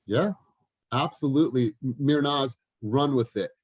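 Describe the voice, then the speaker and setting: A man's voice: mid-range voice, a little slow, husky, no echo. Blunt, encouraging man hosting a call. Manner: blunt and encouraging, swears casually. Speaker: host of a team video call. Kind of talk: motivational team talk.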